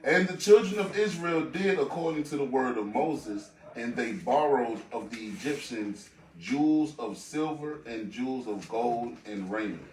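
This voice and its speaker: A man's voice: medium pitch, unhurried, hardly any pauses. Man reading Bible verses aloud. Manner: steady reading, stumbles on a word now and then. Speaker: scripture reader in a class. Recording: echoey room, picked up from a distance.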